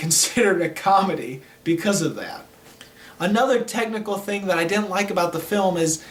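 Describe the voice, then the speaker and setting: A young man giving a chatty, opinionated film review in casual talk, often saying "like". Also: high-pitched. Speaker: movie reviewer. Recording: roomy echo, mic at a distance.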